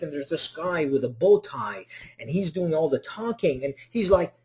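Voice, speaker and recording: A man's voice: a little high, lively intonation, brisk, a little mellow. A man teaching an online motivational class, asking rhetorical questions and acting out little scenes. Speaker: motivational instructor.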